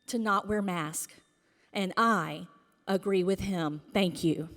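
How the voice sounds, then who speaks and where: A woman's voice: medium pitch, slow pace, a bit bright. A woman giving an impassioned public comment at a school board meeting, emphatic and indignant, sometimes dropping to a whisper. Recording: long reverb of a meeting hall.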